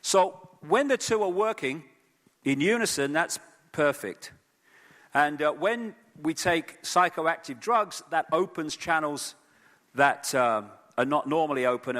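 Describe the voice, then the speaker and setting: A man giving an animated lecture to a live audience at an event, with frequent fillers and repeated words. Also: fairly high pitch, unhurried, long reverb tail. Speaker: speaker at an event. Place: event hall.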